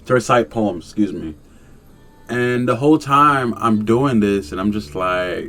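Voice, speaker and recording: A young man casually reviewing a video game in a laid-back, slangy way, chuckling and breaking into excited rants. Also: on the low side, unhurried, faint music behind.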